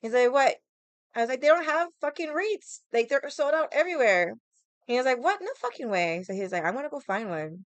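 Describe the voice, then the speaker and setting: A woman's voice: sits high, expressive, a little fast, no room sound. A young woman chatting casually with viewers on a livestream, rambling, swearing freely and laughing often. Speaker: livestream vlogger.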